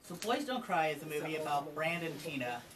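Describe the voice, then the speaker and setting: Guy almost fifty from colorado, kinda high-ish voice, chatty and open, lots of ums, mic a bit far with faint room noise. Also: lively intonation, fairly quick. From Colorado, USA. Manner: open and conversational, many ums and asides. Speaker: interview guest, trans advocate. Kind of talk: candid personal storytelling.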